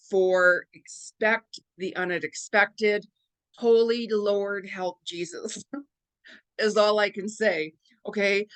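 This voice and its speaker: A woman's voice: fairly high pitch, a bit bright. Chatty woman psychic vlogging. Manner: chatty, repeats words for emphasis, asks the viewers rhetorical questions; laughs often between remarks. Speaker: psychic medium and astrology vlogger. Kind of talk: casual talk to camera.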